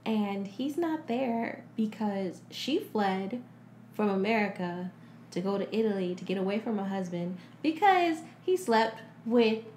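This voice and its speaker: A woman's voice: mid-range voice, lively intonation, a little slow, a little mellow, reverberant, a little hiss or hum. A woman co-hosting a casual podcast, animatedly recapping a movie, laughing often and acting out the characters. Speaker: podcast co-host.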